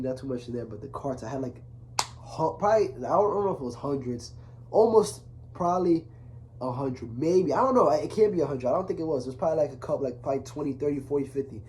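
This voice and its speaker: A man's voice: mid-range voice, a little hiss or hum. Earnest young man rambling to camera. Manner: rambling, earnest, many restarts and fillers; softer and quieter when recalling his father. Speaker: vlogger. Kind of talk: casual confessional talk to camera.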